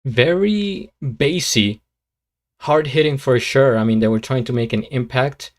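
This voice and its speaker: A man hosting a live reaction stream, chatting at an unhurried pace. He drifts between thoughts, corrects himself and fills the gaps with ums and likes. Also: medium pitch. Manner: relaxed, rambling, lots of fillers and self-corrections. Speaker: streamer reacting to beatbox videos. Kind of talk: casual live-stream commentary.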